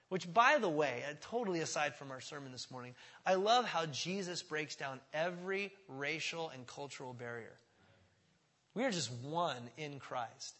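A man's voice: fairly high pitch, animated, moderate pace, sharp tone, in a large hall. A man preaching a conversational sermon as pastor. He often checks in with his listeners and acts out voices in the quoted dialogue. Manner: conversational, keeps asking "does that make sense?".

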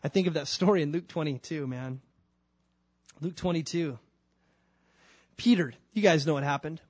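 Guy preaching, chatty and emphatic, kinda high voice, dry sound. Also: normal speed, breathy edge, no room sound. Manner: conversational, emphatic storytelling. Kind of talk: sermon.

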